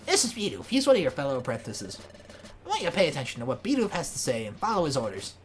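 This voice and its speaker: A woman's voice: deep voice, huge pitch swings, quick pace, a little hiss or hum, voice pushed down. A woman voicing a bossy, talkative male bird who briefs new recruits in a lecturing tone.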